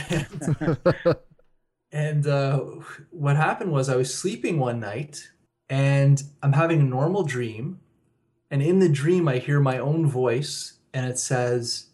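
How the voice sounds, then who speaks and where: A man's voice: mid-range voice, measured pace, darkish tone. A man who is a guest author on a radio interview, telling personal stories and chuckling often.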